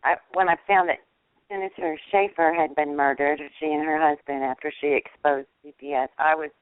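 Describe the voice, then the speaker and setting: A woman caller with a smooth, clear voice that comes through a dry, narrow phone line. She speaks with heartfelt intensity and leans on repeated words for emphasis. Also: low voice, steady tone, brisk, no echo. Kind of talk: casual call-in chat.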